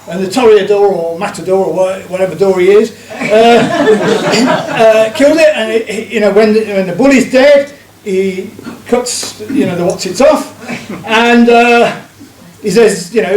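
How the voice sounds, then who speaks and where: High-voiced man, rambling pub jokes, echoey room, distant mic. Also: normal speed, darkish tone. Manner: rambling, chuckles at his own jokes. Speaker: pub comedian telling jokes. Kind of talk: live stand-up joke telling.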